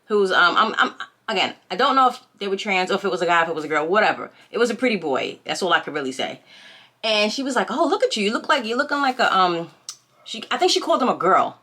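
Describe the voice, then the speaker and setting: A woman's voice: fairly low pitch, very animated, fast, pushed and bright. A woman vlogger chatting at home in a casual storytime, retelling events animatedly and firing rhetorical questions at her viewers. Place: home, by a window.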